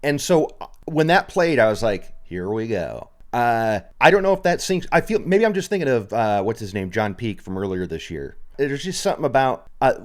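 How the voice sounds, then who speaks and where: A man chatting as a podcast co-host, animated and playful. His pitch moves a lot, and he often trips over a word and laughs it off. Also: fairly quick, hardly any pauses. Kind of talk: casual chat.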